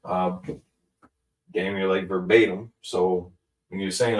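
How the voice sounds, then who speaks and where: A man with a low voice and fairly even intonation casually explains grammar as a Hebrew teacher. He goes slowly, thinking out loud with fillers and self-corrections, and the recording puts him distant from the mic in an echoey room.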